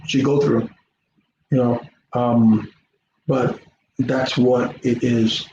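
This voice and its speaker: A man's voice: medium pitch, darkish tone. Rambling man vlogging in a roomy space. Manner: rambling, repeats words, earnest and preachy. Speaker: YouTuber. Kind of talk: casual monologue vlog. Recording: roomy, dull lo-fi sound with faint noise.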